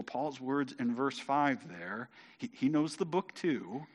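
A man reading scripture aloud and explaining it in a lively, conversational way, often stammering and repeating words as he goes. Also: medium pitch, a little slow. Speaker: Bible teacher.

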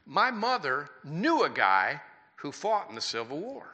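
Older male pastor, sixties, folksy sermon delivery, slightly high and very bright voice. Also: sing-song, unhurried. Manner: folksy, conversational preaching with rhetorical questions. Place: church.

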